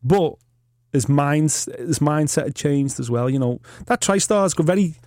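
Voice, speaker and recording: A man's voice: fairly high pitch, expressive, moderate pace, darkish tone, no echo, clean studio sound. A man co-hosting a podcast in casual chat, laddish and swearing freely. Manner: laddish, swears, laughs a lot. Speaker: podcast co-host.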